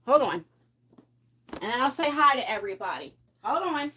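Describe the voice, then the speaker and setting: At home in pajamas, a woman hosts a casual beauty livestream while decluttering makeup, her high-pitched voice very animated at normal speed with frequent pauses. She's chatty, rambling, laughing often, and a bit out of breath from carrying heavy boxes, with noise in the background.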